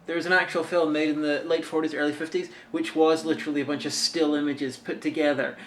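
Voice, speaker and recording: A man co-hosting a film review show in casual chat, dry and halting with asides. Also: fairly high pitch, little pitch movement, a bit bright, a little hiss or hum.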